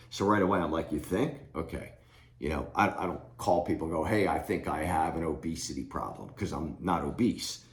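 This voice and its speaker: A middle-aged man giving blunt, plain-spoken advice straight to camera as a recovery coach. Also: lowish voice. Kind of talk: direct-to-camera advice talk. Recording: echoey room.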